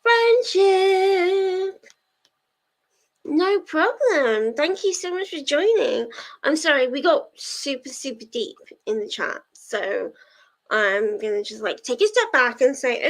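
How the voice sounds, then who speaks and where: During a reading-sprint livestream, a woman hosts casually and chats with her viewers, giggling and using lots of fillers. Her voice is high-pitched and fairly bright, with big swings in pitch, and she takes her time.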